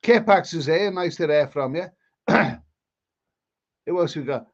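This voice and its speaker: A man's voice: a little high, a little slow, lo-fi sound. A man with a Scouse accent hosting a live stream, chatting casually and rambling through viewer comments with many restarts. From England.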